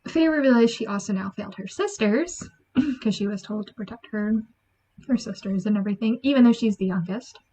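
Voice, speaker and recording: A woman giving a chatty, animated book review, acting out lines from the story. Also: medium pitch, a little fast. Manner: chatty, animated, acts out quotes. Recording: dull lo-fi sound.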